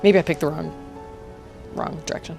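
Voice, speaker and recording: A woman's voice: sits low, fairly even intonation, normal speed, gravelly. A young woman streaming a video game, chatting and reacting aloud as she reads the game text, with game music behind. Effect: occasional robot voice filter. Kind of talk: casual live gameplay commentary.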